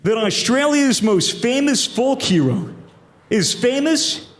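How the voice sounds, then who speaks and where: High-voiced comic, deadpan. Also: male voice, slow pace. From United States. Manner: dark, deadpan joke delivery. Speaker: stand-up comedian. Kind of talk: stand-up comedy set. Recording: echoey room with loud crowd and noise.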